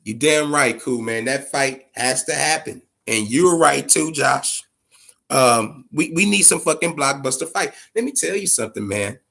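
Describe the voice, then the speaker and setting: A man's voice: mid-range voice, expressive, a little slow, vocal fry, fairly bright tone. A man hosting a boxing podcast, giving casual, opinionated commentary full of swearing and repeated emphasis. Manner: profane, emphatic, repeats himself.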